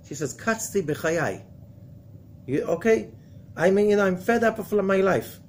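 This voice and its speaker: Animated man teaching scripture. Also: sits high, unhurried, slight background noise. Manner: dramatic retelling with rhetorical questions, frequent "okay?". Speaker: rabbi teaching a weekly study class.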